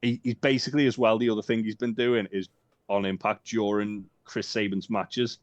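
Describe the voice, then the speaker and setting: A low-voiced man co-hosts a chatty podcast, swearing freely and wandering between jokes and filler ums. The recording sounds dull and dry, with little room around it. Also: flat delivery, moderate pace, dry recording. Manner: sweary, jokey, rambling with many ums. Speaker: podcast co-host. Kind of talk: casual chat.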